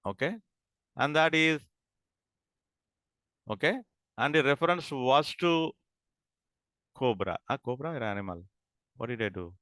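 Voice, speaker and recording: Man teaching a class, bright and crisp, dry recording, halting restarts. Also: medium pitch, lively intonation, no echo. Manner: repeats and checks understanding, halting restarts. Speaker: lecturer. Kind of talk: classroom lecture.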